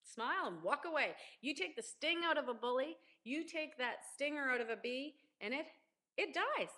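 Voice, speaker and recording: High-pitched middle-aged mom on a webcam, earnest and preachy, keeps repeating herself. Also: female voice, animated, normal speed, bright, forceful tone. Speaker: parent vlogger. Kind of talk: casual parenting advice talk.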